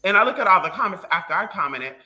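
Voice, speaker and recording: A livestream host ranting casually to viewers in a sassy, profane, animated way. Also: mid-range voice, fast talker, soft background music, poor audio. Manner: animated storytelling.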